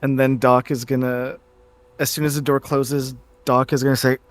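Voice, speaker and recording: A man at a tabletop game, telling what his character does in a loose, halting way. His voice sits in a middle pitch. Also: level tone. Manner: casual, halting third-person narration. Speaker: player. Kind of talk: tabletop role-play narration.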